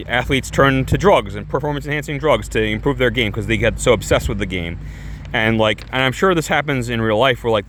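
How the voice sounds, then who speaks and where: Young man, casual movie review, rambling, filler-heavy, swears, mid-pitched voice. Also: fairly bright tone, a little hiss or hum. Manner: rambling, restarts, constant filler words, swears.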